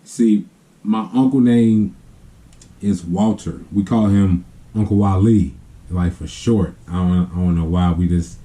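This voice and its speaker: Guy with a real mellow dark voice doing a laid-back storytime, lots of likes and you-knows. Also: deep voice, fairly even intonation, a little slow. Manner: rambling, with many fillers and restarts. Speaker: family vlogger. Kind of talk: casual storytime.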